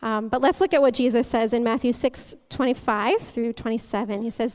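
A young woman delivers a relaxed, chatty sermon as a guest speaker, her voice high and smooth. She keeps things light and humorous, laughing easily between points. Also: brisk, hardly any pauses. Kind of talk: conversational sermon.

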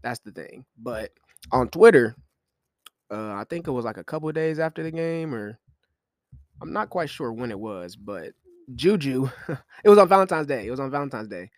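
Animated young man trash-talking on a podcast. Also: medium pitch, normal speed, long pauses, dry recording, clean studio sound. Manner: animated, slangy trash talk with laughs. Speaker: podcast host. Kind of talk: casual commentary.

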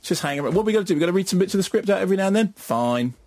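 A British man co-hosting a radio film review, animated and mocking, slipping into quick sarcastic asides. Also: high-pitched, slight background noise. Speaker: film critic co-host.

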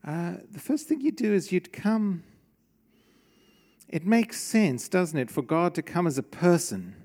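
A man's voice: high-pitched, expressive, a little slow, a little mellow. A middle-aged man preaching a sermon in a church, in a conversational way, asking the congregation questions. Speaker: pastor.

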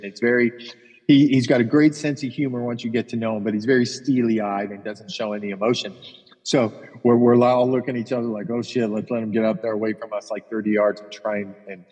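A man with a husky, slightly breathy voice tells rambling golf stories in a casual podcast chat. He swears freely and keeps restarting his sentences. His voice carries a long reverb, as if in a hard-walled room. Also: fairly low pitch, fairly quick, a little mellow. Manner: profane, rambling anecdotes with repeated restarts. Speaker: golf caddie and podcast co-host.

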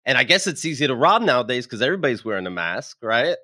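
A man's voice: mid-range voice, very animated, fast, pushed and bright. A man hosting a podcast, chatting casually and reading news items aloud with a wry, teasing manner. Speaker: podcast host.

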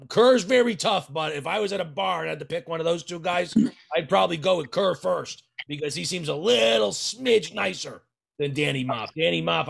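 A man's voice: a little high, vocal fry, a bit bright. A man in casual podcast chat as a wrestling manager, brash and boastful, trash-talking people.

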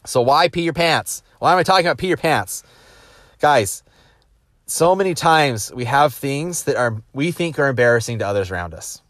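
A man's voice: mid-range voice, normal speed, no room sound, studio quality. A man, a business executive, telling personal stories in a casual motivational talk, acting out the people he quotes and restarting his sentences often. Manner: animated, acts out quoted voices, frequent restarts.

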